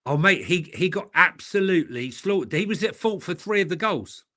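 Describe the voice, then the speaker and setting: A man hosts a football talk show, reading out news stories and then adding his own quips. His voice is high for a man, with a bright, forceful tone. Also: animated, brisk. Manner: reads out news items, then jokes and laughs. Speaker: host. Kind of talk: casual chat.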